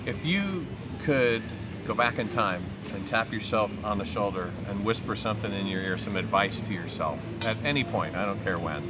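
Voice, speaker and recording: A man's voice: on the low side, expressive, normal speed. A man hosting a music interview show, curious and chatty, often joking at his own expense. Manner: curious, chatty, self-deprecating. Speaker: show host. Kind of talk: casual interview and lesson chat.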